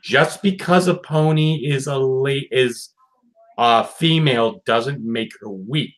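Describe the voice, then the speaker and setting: A man's voice: medium pitch, takes it slowly. A man chatting casually while reviewing a cartoon episode, acting out lines and swearing freely. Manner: animated, swears, acts out lines.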